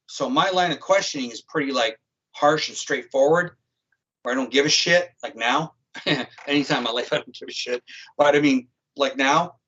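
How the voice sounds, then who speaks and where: A man's voice: fairly high pitch, fairly bright tone, husky. Blunt, swearing man telling a story. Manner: blunt and profane, vivid retelling. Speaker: guest, psychic criminal profiler. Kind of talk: casual storytelling. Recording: dull lo-fi stream audio.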